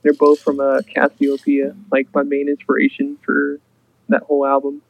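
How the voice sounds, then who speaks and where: A man's voice: medium pitch, monotone, normal speed, creaky, no room sound, low-quality recording. A young man, a guest musician in casual podcast chat, talking hesitantly with many fillers.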